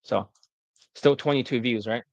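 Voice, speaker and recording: A dating coach on a casual live stream reads answers aloud in a mid-range voice with vocal fry at a moderate pace, cussing at slips, redoing lines and often asking "right?" The audio is dry with the highs cut off.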